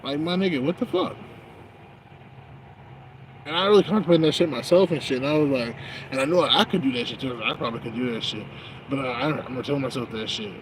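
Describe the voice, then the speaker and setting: A man's voice: mid-range voice, fast, long pauses. Rambling, profane man on a night smoke break. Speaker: vlogger. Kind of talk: rambling casual monologue. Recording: noisy outdoor street with traffic.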